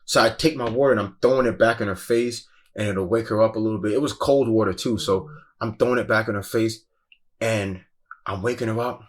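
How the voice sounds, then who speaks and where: A man's voice: fairly low pitch, steady tone, fairly quick. A man casually recounting a tense first-hand story, slangy and profane, saying "bro" constantly. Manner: intense, breathless retelling. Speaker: guest recounting a festival crowd crush.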